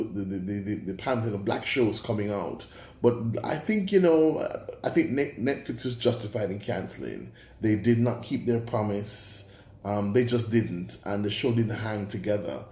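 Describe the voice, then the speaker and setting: Jamaican guy ranting about a show, animated, slips into patois, echoey room. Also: mid-range voice. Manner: animated, exasperated, drops into patois. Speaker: vlogger reviewing a TV show. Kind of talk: casual opinionated review.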